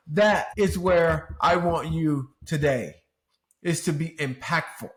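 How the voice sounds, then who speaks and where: A man's voice: on the high side, measured pace. A middle-aged man and podcast host speaking candidly and earnestly, his voice rising into preacherly swells. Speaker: podcast host and former pro athlete. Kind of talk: candid interview talk. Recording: roomy echo.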